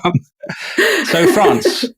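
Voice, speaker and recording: A man's voice: extremely slow, no room sound. Jokey male podcast host. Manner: jokey, asks questions with lively rises. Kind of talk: casual chat.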